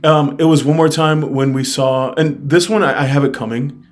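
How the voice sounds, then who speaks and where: A man's voice: fairly high pitch, steady tone, moderate pace, faint music behind. A young man from the United States chatting casually in a travel vlog, candid and upbeat, full of fillers. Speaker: travel vlogger.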